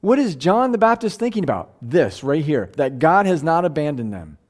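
A man's voice: fairly high pitch, very animated, a little mellow. A man preaching a sermon, reading scripture aloud and asking his listeners questions in a conversational way. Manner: conversational, asks the room questions; reads scripture aloud, slowing for emphasis. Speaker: pastor.

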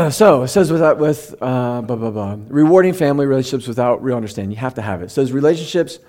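A middle-aged man preaching in a conversational sermon, who slows down to read scripture and at times gets emotional. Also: medium pitch, animated, a little mellow. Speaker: pastor.

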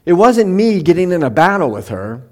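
A middle-aged man preaching in a conversational sermon, who slows down to read scripture and at times gets emotional. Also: sits high, big pitch swings, a little mellow. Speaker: pastor.

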